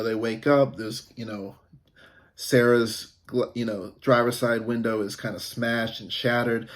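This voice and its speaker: A man giving a casual, rambling review of a TV episode, with many fillers and restarts. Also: mid-range voice.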